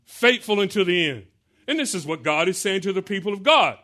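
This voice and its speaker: A man preaching a sermon to a congregation, drawing answers from the pews, joking about aging, and slowing down to stress scripture lines. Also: high voice, lively intonation, pushed and bright. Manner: call-and-response preaching, asks the congregation to answer. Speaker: pastor.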